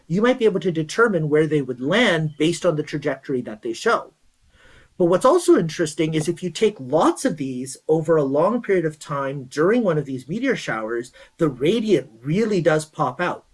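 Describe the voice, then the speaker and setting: A man's voice: a little high, poor audio. A man giving an astronomy talk, explaining meteors in a conversational way and then retelling a folk legend. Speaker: guest speaker at an astronomy event. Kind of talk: presentation with storytelling.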